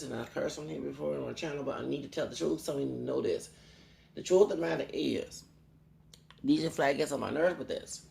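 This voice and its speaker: A man's voice: mid-range voice, gravelly. A man, a YouTuber, rambling and preachy in a ranting vlog monologue, quoting Bible verses and often asking "okay?". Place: home in Houston. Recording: echoey room.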